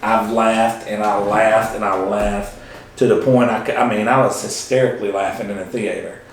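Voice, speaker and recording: A man co-hosting a casual movie chat, excitable and swearing freely, full of fillers. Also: fairly low pitch, moderate pace, slight background noise. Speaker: co-host. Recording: very echoey room.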